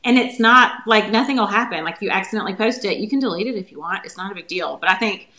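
A woman in her forties with a Southern US accent talks at a rapid clip, filling her sentences with "like". Her voice is bright and forward, and the recording picks up a roomy echo around her. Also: mid-range voice. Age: 40s. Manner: quick, chatty, lots of filler "like". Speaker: guest, holistic nutritionist. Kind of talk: casual podcast chat.

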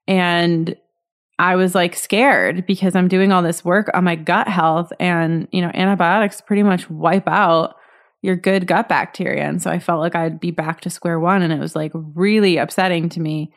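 A woman's voice: on the low side, fairly even intonation, moderate pace. A woman in her thirties hosting a solo podcast, telling a personal story in a candid, chatty way with lots of fillers and restarts. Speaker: podcast host.

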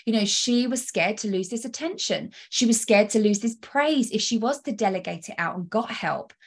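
Speaking straight to her listener, a solo coaching podcast host pushes her points with energy, emphasis, and rhetorical questions. She has a husky, medium-pitched voice and talks at normal speed.

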